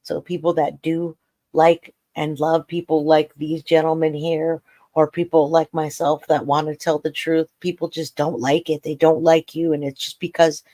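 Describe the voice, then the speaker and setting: Male host reacting to court video, fighting back tears, voice cracking; flat-toned, fairly high, dry close sound. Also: moderate pace, no echo. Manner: choked up, voice cracking, blunt. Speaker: true crime livestream host. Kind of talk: emotional live commentary on court footage.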